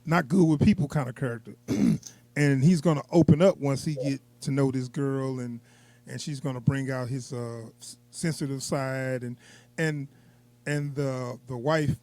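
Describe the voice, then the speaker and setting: A man co-hosting a casual movie review chat, animated and laughing often, acting out quotes from the film in a raised voice. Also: on the high side, normal speed, no room sound.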